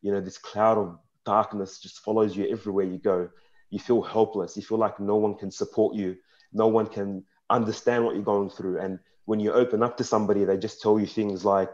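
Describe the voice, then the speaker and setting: A young man on a discussion panel, telling his personal story in a frank and earnest way that turns halting and emotional in places. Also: fairly low pitch, flat delivery, darkish tone. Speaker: panel speaker. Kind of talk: personal testimony at a panel talk. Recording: dull lo-fi sound.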